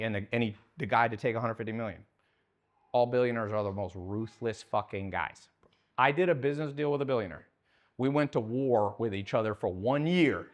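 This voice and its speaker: A man's voice: mid-range voice, a little fast. A man giving a live talk to an audience, blunt and heavily profane, putting questions to the crowd and acting out the people in his stories. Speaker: speaker at a business seminar.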